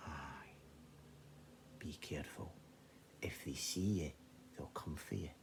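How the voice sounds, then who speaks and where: A Scottish man voicing a cautious goat herd in a told folk tale, giving solemn warnings in a hushed voice. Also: rumbling low, slow, creaky, slight background noise, voice pushed down, heavily acted. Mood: grave hush. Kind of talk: oral storytelling.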